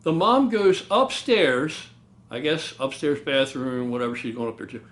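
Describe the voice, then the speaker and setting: A man casually recounting a true ghost story, animated, acting out loud booms and swearing now and then. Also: normal speed. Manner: animated, loud booming sound effects, swears.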